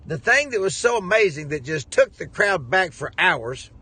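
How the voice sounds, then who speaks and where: A man's voice: high-pitched, very animated, moderate pace, bright, forceful tone, slightly rough, no echo. A man, a preacher, telling a rambling, jovial story to his viewers with lots of chuckling. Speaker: preacher and ministry head.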